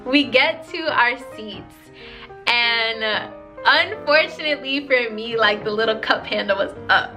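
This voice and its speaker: A young woman vlogger telling a dating story in lively, slangy storytime style. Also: on the high side, unhurried, soft background music. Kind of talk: storytime vlog.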